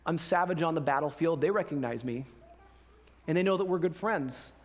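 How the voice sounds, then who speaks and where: A scarred ancient general, calm and determined, as a preacher puts him on. He speaks in a quiet, matter-of-fact way, his voice sitting somewhat high. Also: moderate pace, long reverb tail, close to an everyday voice.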